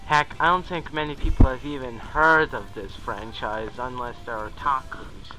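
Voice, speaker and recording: A man's voice: mid-range voice, fairly even intonation, normal speed, music in the background, rough recording. A young man giving a casual countdown commentary in a chatty, rambling way, often correcting himself. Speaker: video commentator.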